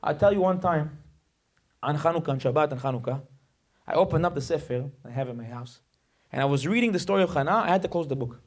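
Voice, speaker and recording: A man's voice: on the high side, expressive, fast talker. A male rabbi giving a sermon, emphatic and dramatic, telling stories and acting out the voices in them. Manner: acts out quoted voices.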